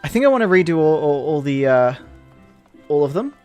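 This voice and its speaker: A man chatting his way through an online game, rambling and easily excited. Faint game music plays behind his voice. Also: fairly high pitch, a little fast, clean tone. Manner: rambling, enthusiastic, many restarts. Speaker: gaming video host. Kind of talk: casual let's-play commentary.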